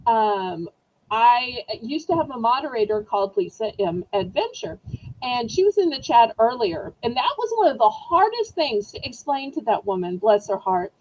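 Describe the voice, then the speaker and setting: A chatty woman with a Southern American accent runs a live online auction. Her voice sits high and swoops all over as she chats with viewers, shows off items and calls the opening bids. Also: big pitch swings, moderate pace, slight background noise, rough recording. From Southern United States. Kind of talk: live-stream auction chat.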